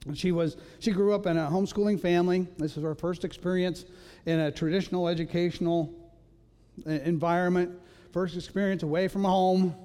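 A male pastor preaches in a light, high voice, telling homely stories and slipping into playful voices with a self-mocking humor. His words ring out in a large church with a long, trailing reverb. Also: fairly even intonation, brisk, dark tone, smooth. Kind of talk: sermon. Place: church sanctuary.

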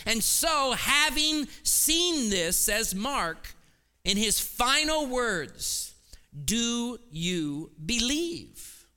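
A man, a pastor, preaching a sermon with scripture reading and prayer, building to loud, emphatic repeated phrases in a church. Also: extremely high pitch, clean tone. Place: church sanctuary. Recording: long reverb of a large hall.

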